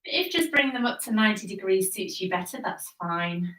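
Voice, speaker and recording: A woman leading a Pilates workout, cueing each move calmly and encouragingly, a little out of breath as she exercises along. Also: mid-range voice, brisk, far from the mic. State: slightly out of breath. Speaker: Pilates instructor. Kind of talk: guided workout instruction. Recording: echoey room, voice off-mic.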